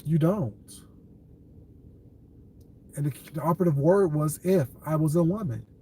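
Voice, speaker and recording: In an unhurried, mellow voice pitched fairly high, a man runs a relaxed livestream against faint background noise. He laughs a lot, talks back to chat, and waves off comments bluntly while calling people baby.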